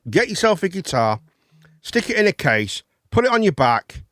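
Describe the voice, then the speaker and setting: A man's voice: high voice, big pitch swings, normal speed, a bit bright, no echo, clean studio sound. A man, hosting a live chat and phone-in show, rambling and swearing casually. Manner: rambling, chatty, swears casually, calls people mate.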